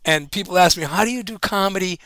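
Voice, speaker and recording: A Hawaiian man with a high voice trades comedy stories in a loose, laughing way. His speech keeps coming back to "you know", and he sounds relaxed. The sound is close and dry, with no room around it. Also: fast talker, no echo. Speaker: stand-up comedian guest. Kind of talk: casual storytelling chat.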